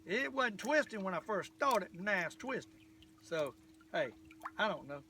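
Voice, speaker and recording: Very animated, an older man speaks at a moderate pace in a high, bright, forceful voice while fishing from a boat outdoors. This folksy vlogger rambles casually and dubs himself the old fisherman. A distant camera mic catches him with faint background noise.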